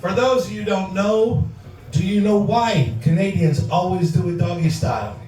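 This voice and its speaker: A man performing a stand-up comedy set on a club stage with a wry, deadpan delivery. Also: sits high, moderate pace, faint music behind. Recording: echoey club sound from far off.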